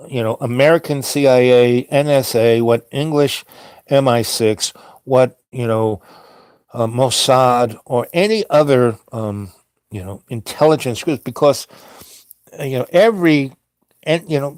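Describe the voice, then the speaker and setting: A man's voice: medium pitch, a little mellow, no echo. Rambling New man telling a story. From New York. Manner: meandering, many fillers and restarts. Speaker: host.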